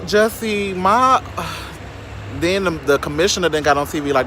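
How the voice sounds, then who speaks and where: A man's voice: fairly high pitch, lively intonation, unhurried, sharp tone, a little hiss or hum. A man from Chicago giving sassy, shady gossip commentary outdoors, constantly calling the listener "child". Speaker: vlogger. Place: outdoors in sunlight.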